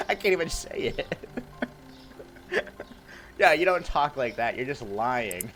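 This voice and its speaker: A man's voice: fairly high pitch, lively intonation, a little slow, long pauses, a bit bright, soft background music. A man streaming live, chatting casually and reading out viewer messages, laughing often and teasing himself and his chat.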